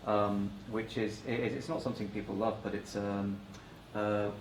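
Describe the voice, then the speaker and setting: A man on a panel giving an example in a halting, measured way. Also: fairly low pitch, little pitch movement. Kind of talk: panel discussion. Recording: echoey noisy room.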